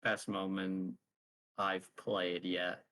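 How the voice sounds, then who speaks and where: Tabletop player guy, gravelly, slow, kinda monotone. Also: low voice, low-quality recording. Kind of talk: casual tabletop game banter.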